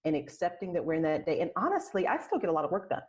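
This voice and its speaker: Low-voiced woman, muffled lo-fi sound. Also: sing-song, very fast. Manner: soft, reflective, with frequent restarts. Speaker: podcast guest, aromatherapist and health coach. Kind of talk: casual interview chat.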